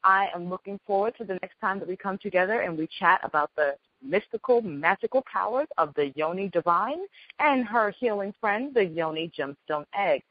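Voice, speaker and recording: A woman hosting a call as a spiritual healer, teaching in a gentle, earnest way and repeating her key phrases. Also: mid-range voice, animated, normal speed, no echo, dull audio. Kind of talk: spoken teaching on a group call.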